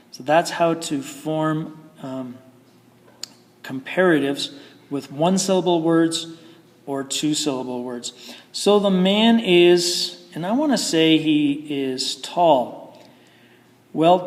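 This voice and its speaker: A man's voice: fairly high pitch, darkish tone, long reverb tail. A man teaching English grammar in a patient, explaining manner with frequent fillers. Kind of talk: recorded grammar lesson.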